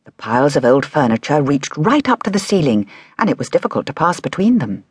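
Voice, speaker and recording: A woman narrating a children's audiobook in a measured, expressive storytelling manner. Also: low-pitched, husky, dry recording, studio quality.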